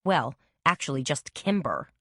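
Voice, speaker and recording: A woman voicing a calm, wry woman who runs a scrapbook shop, in a mystery audiobook. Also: extremely low pitch, measured pace, dry recording, clean studio sound, heavily acted. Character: level-headed woman scrapbook shop owner.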